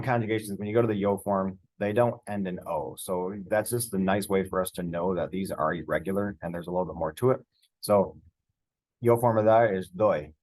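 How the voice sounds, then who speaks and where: A man teaching a screen-share Spanish grammar lesson in a relaxed, rambling way, spelling words out letter by letter. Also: on the low side, no room sound.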